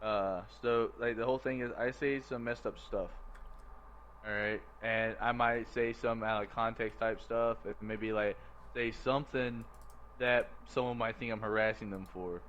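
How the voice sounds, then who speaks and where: A man's voice: on the low side, steady tone, fairly bright tone, slight background noise. Blunt, slightly tipsy man on a dull mic. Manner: blunt, halting, says he has been drinking. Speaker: applicant to gaming community. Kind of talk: casual voice chat.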